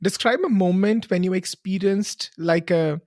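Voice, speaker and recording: A podcast host leads a friendly interview with a middle-pitched voice. The recording is dry and close, with little room sound, and the host keeps things moving with easy questions and "okay, okay". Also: a little slow, darkish tone, no room sound. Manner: friendly, asks questions, often says "okay, okay".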